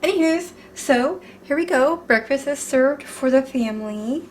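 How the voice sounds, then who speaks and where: A woman's voice: high-pitched, expressive, unhurried, a little hiss or hum. A middle-aged woman hosting a casual home cooking vlog, chatty and jokey, poking fun at herself. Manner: chatty, jokey and self-deprecating. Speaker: cooking channel host.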